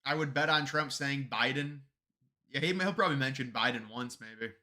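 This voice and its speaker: Bright-voiced man rambling on a live stream. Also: mid-range voice, moderate pace. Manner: rambling, sarcastic, many restarts. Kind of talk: casual political commentary stream.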